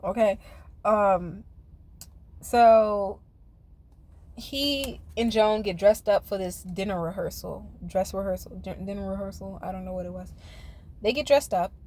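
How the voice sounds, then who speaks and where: A woman's voice: medium pitch, a little mellow. A woman reviewing a reality TV episode in a casual, sassy, chatty way, speaking straight to her viewers. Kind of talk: casual recap commentary.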